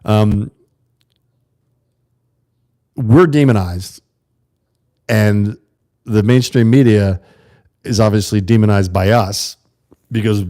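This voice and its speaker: A man's voice: fairly low pitch, moderate pace, pauses often, dark tone. An American man hosting a livestream, rambling in a casual monologue to his viewers and reading their chat aloud. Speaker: livestream host.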